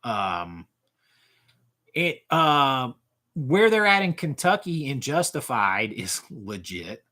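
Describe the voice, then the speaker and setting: A man's voice: medium pitch, very animated, slow pace, pushed and bright. A man in his forties hosting a casual livestream, rambling as he answers chat comments, often trailing off and restarting. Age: 40s. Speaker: livestream host.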